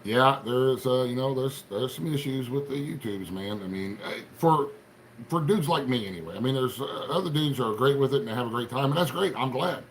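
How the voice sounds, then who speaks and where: A man's voice: mid-range voice, a little fast, a little hiss or hum. A middle-aged man from Appalachian Ohio with an Appalachian accent, chatting casually on a livestream, folksy and rambling as he greets viewers by name. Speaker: livestream host.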